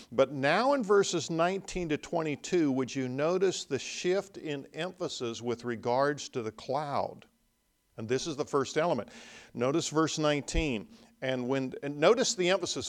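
A man's voice: mid-range voice, gravelly. A man preaching a sermon at a conference. He reads scripture passages aloud, then walks through them, leaning hard on the key points as he explains. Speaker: pastor. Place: conference hall.

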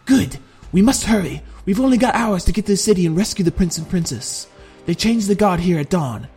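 A man doing a stern, hard-driving general who issues clipped orders with rising urgency, pitched a little above the narrator's own voice. He rides over a faint music bed in a fantasy audiobook. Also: lively intonation, a little fast, creaky, darkish tone, slightly rough, exaggerated voice. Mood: grim resolve. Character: commanding wounded male general, stern.

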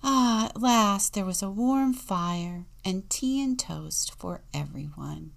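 A woman deacon reads a children's story at an unhurried pace, her voice carrying a gravelly fry. She slips into hushed whispers for the quiet moments and plays up the sound words. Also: mid-range voice, lively intonation. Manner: storytelling, dropping to a whisper for suspense. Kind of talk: reading a children's picture book aloud.

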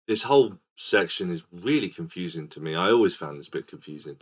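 A man hosting a casual film podcast, retelling scenes in a rambling, animated way. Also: low voice, fairly quick, breathy edge. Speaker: podcast host.

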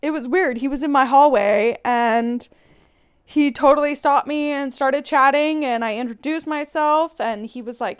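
A woman's voice: sits high, normal speed. A woman host venting bluntly and profanely about a man who let her down, in a confessional rant. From Irish heritage. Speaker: podcast host.

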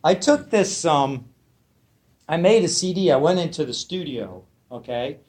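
A man gives a spoken dharma talk to a small group, telling a teaching story, asking listeners questions, and acting out his characters' lines. His voice is on the high side and somewhat darkish, with lively intonation and a slightly slow pace.

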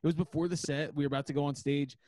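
A man hosting a podcast in casual, excitable chat, swearing freely. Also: on the high side, rapid-fire, no echo, studio quality. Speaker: podcast host.

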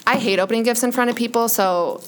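A woman in her late twenties, a high school teacher, chatting casually on a podcast in a classroom, peppering her talk with "like.". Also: fast, noisy background. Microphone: headphone microphone.

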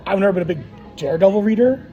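Podcast co-host, male, high voice, quick rambling teaser, mellow tone. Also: lo-fi sound, faint music behind. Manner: fast, teasing, rambling with many restarts. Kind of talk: casual chat over a card game.

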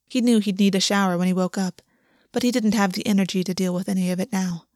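A woman reading a story aloud in a soft, even narrating voice. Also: mid-range voice, fast talker, no room sound, clean studio sound.

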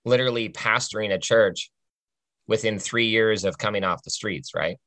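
A man's voice: fairly low pitch, moderate pace, pushed and bright, no room sound. A man on a podcast telling a personal faith testimony in an earnest, conversational way, often checking in with the listener.

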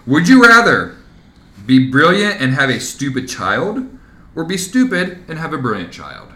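A man's voice: medium pitch, very animated, moderate pace, fairly bright tone. A man in his thirties hosting a casual podcast, playful and teasing, often laughing. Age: 30s. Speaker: podcast host. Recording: echoey room.

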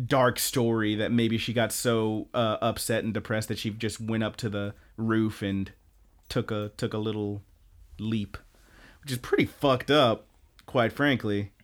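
A man's voice: medium pitch, takes it slowly. A man co-hosting a podcast, recapping an anime in casual, rambling, profane chat. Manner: rambling, profane, animated storytelling. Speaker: podcast co-host.

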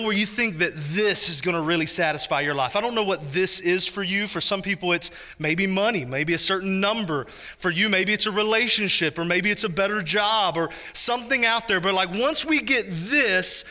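A man's voice: sits high, bright, forceful tone. A man in his thirties preaching a sermon as pastor, talking to the congregation in a conversational way with joking asides.

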